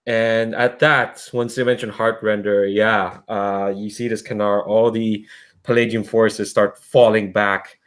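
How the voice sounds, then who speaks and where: A man's voice: fairly low pitch, flat delivery, unhurried. A man narrating as a tabletop game master, rambling and filling with "kinda" and "like".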